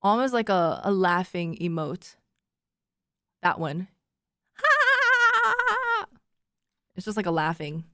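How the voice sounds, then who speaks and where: A woman's voice: mid-range voice, big pitch swings, slow, pauses often, pushed and bright, clear, resonant tone, dry recording. Giggly streamer girl in her 20s chatting w her viewers, dry close mic. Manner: chatty and giggly, cooing baby talk to her dog. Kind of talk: casual chat with viewers.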